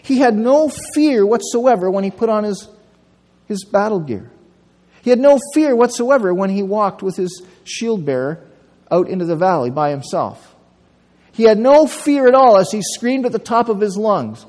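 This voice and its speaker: A male pastor preaching a sermon, telling a story with lively delivery and acting out the quotes. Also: high-pitched, normal speed. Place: church sanctuary. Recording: long church reverb.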